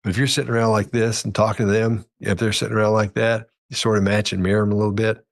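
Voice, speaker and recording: A man's voice: on the low side, flat delivery, rapid-fire, creaky. A man speaking as a podcast guest, telling a long story in a rambling, self-correcting way and acting out the quoted dialogue. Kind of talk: casual storytelling chat.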